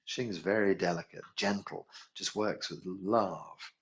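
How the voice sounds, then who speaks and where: A man's voice: deep voice, steady tone, measured pace. A man teaching a healing class, musing aloud, correcting himself and chuckling as he goes. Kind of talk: relaxed spoken class instruction. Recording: dull lo-fi recording.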